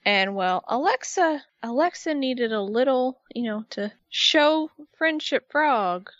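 A woman's voice: high voice, slow, no echo. Sarcastic woman co-host, lo-fi sound. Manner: animated, sarcastic storytelling. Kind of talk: casual wrestling recap chat.

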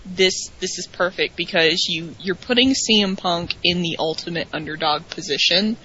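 A woman chats casually as co-host, eager and emphatic, stressing her points by repeating words. Her voice sits a little low but has a bright, forward edge. The recording sounds dull and lo-fi. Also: normal speed, slight background noise. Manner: enthusiastic, emphatic repetition. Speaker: podcast co-host. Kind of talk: casual wrestling recap chat. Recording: dull lo-fi audio.

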